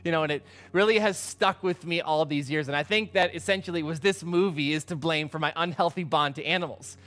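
A middle-aged male pastor preaching a casual storytelling sermon, animated and acting out quotes with exclamations. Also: on the high side, a little fast.

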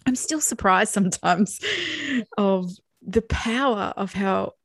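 A woman's voice: medium pitch, slow, creaky, no echo, studio quality. Reflective woman, candid podcast co-host. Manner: warm, reflective, open about feelings, laughs often. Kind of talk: casual chat.

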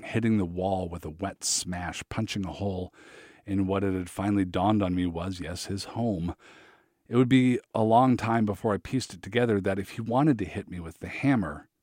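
A man narrating his memoir in a measured, reflective way. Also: deep voice, darkish tone, no room sound, studio quality.

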